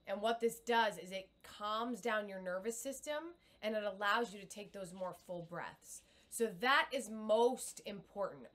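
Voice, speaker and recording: A woman's voice: medium pitch, a bit bright. Middle-aged woman, coach leading a live webcam lesson, upbeat and encouraging. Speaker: communication coach.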